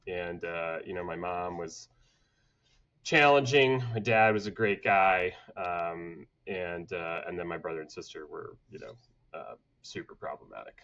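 Halting, low-voiced man telling family stories. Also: a bit bright. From Atlanta, southern United States. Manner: halting, many fillers and restarts, laughs while telling stories. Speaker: podcast guest, designer. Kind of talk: candid conversational storytelling. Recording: dull lo-fi audio.

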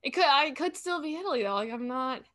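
Bright high-voiced woman thinking aloud. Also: lively intonation, fast talker. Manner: chatty, thinks aloud, self-correcting. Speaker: game streamer. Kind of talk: casual gameplay chat.

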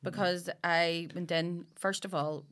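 A woman's voice: fairly low pitch, steady tone, measured pace, a bit bright. A woman telling a story in casual chat, laughing and acting out the lines of the people in it. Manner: laughing, acts out quotes, swears.

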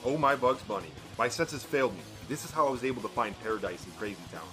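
A man's voice: medium pitch, lively intonation, fast talker, over music, natural voice, poor audio. A man playing a bossy, self-assured expedition leader in a comedy audio drama.

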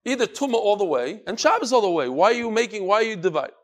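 Animated high-pitched man teaching Talmud. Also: fast. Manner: animated, switches between English and chanted Aramaic phrases, calls on students. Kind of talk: lively classroom Gemara lesson. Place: classroom.

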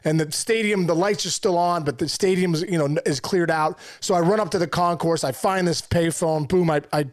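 A middle-aged man, a former pro ballplayer, telling a heartfelt story in conversation, animated, with lots of fillers and restarts. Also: fairly high pitch, normal speed, hardly any pauses. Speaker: former pro baseball player, guest.

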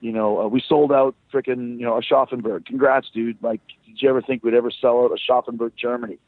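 A man's voice: medium pitch, fairly even intonation, quick pace, dry recording. A man, a rock band frontman, chatting loosely as a guest in a phone interview, swearing and storytelling. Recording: tinny dry phone line.

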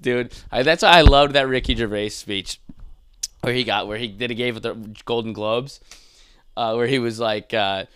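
A man's voice: medium pitch, moderate pace, smooth, no room sound. Profane ranting man on a dry mic. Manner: profane, animated, exasperated, mocking voices. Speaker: podcast host. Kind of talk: casual ranting monologue.

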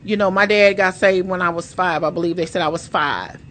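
A woman on a podcast in casual chat, an animated storyteller who acts out the quotes in her stories. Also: on the low side, fairly quick, slight background noise.

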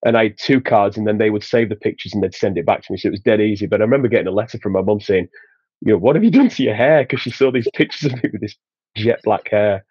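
A man's voice: fairly low pitch, steady tone, fast, darkish tone, slightly rough, no room sound, highs cut off. A man from Sheffield with a Yorkshire accent, chatting as a podcast guest and telling anecdotes with a laugh. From England, Sheffield. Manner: chatty, laughs through his anecdotes, many restarts. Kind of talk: casual storytelling.

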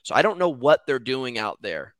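A man's voice: mid-range voice, sing-song, moderate pace, no echo. A man who works as a lumberjack, a guest on a podcast, telling a rambling story in casual chat, acting out quotes and saying "like" often.

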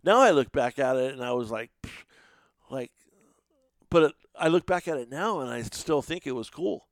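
A middle-aged man casually telling animated, profane stories in a podcast chat, sometimes shouting. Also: medium pitch, moderate pace, no room sound. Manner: animated, swears freely, shouts when acting out others.

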